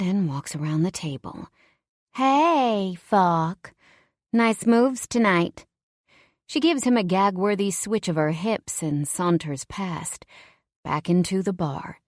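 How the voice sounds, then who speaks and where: Low-voiced woman narrating a romance. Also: darkish tone, no room sound, clean studio sound. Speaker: audiobook narrator. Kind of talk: first-person romance narration.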